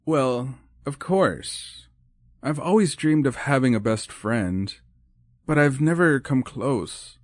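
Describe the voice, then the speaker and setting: A man's voice: medium pitch, expressive, slow pace, dry recording, clean studio sound, pitched above the performer's own voice. A man voicing a lonely, proper older woman in an audiobook, formal and hesitant in speech. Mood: wistful, formal. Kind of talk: audiobook character voice.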